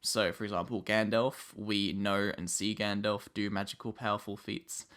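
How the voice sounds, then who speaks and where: A man's voice: lowish voice, level tone, normal speed, a bit bright. An Australian man hosting a podcast, explaining at length in a casual way with plenty of "um"s. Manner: explains at length with many ums. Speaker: podcast host.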